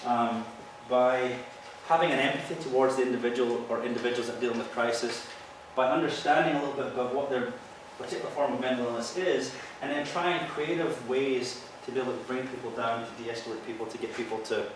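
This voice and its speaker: Earnest police officer lecturing in echoey hall. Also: male voice, mid-range voice, quick pace, few pauses, background noise. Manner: earnest, explanatory, tells field stories. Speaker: police officer giving a training talk. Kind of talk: presentation to an audience. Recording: echoey hall, mic from far off.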